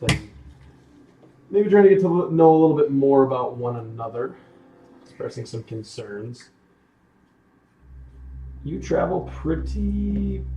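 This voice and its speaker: A man's voice: medium pitch, mellow. A man running a tabletop game as game master, narrating casually with frequent restarts, recorded in an echoey room. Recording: echoey room, faint noise.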